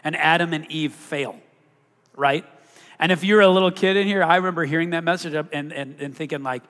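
A man's voice: on the high side, fairly quick, a bit bright. A man preaching a sermon as pastor, emphatic, rising on key words and asking the congregation questions. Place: church sanctuary. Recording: long hall reverb.

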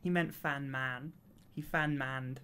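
A woman's voice: very deep voice, fairly even intonation, takes it slowly, fairly bright tone, clean tone. A woman, dry and teasing as she banters on a stream.

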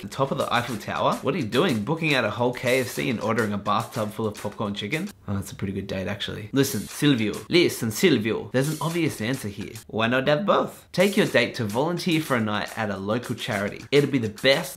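A man's voice: mid-range voice, a bit bright. A man hosting a comedic advice vlog, answering viewer questions in a sarcastic, jokey way.

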